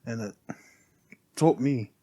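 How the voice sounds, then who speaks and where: Slow, soft-spoken New man. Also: medium pitch, slightly rough, no room sound. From New Zealand. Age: middle-aged. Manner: soft-spoken, heartfelt, laughs often. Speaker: podcast guest, barber. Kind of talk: casual chat, personal storytelling.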